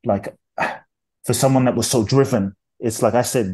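A man's voice: medium pitch, steady tone, measured pace, mellow, slightly rough. A middle-aged man, an interview guest, telling his life story in an intense, earnest, emphatic way. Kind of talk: storytelling in conversation.

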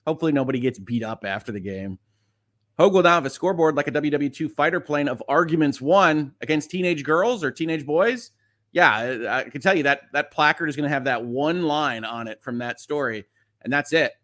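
Fast-talking man reading viewer chat. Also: fairly high pitch, expressive, fairly bright tone. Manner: fast-talking, chatty, reads comments aloud. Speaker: lawyer and livestream host reading viewer chat. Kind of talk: casual livestream chat.

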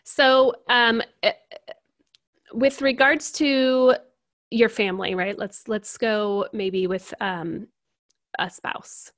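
A woman guest explaining personality types in a casual interview, animated and laughing often as she acts out examples. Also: a little high, takes it slowly, dry recording, clean studio sound. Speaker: certified personality type coach, guest.

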